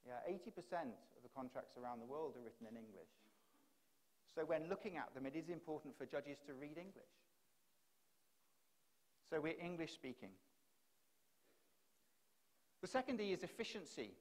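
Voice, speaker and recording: A man speaks from a conference stage in a fairly high voice, pressing his case through strings of rhetorical questions. He talks into a stage microphone, and the delivery is that of a practiced keynote speaker. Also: animated, brisk, pauses often. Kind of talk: keynote speech. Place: conference hall.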